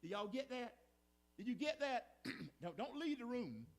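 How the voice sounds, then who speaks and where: A man's voice: very high voice, sing-song, unhurried. A man preaching a sermon in a church, repeating his points and calling out to the congregation. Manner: preaching with call-and-response asides, repetitive emphasis. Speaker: pastor. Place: church sanctuary.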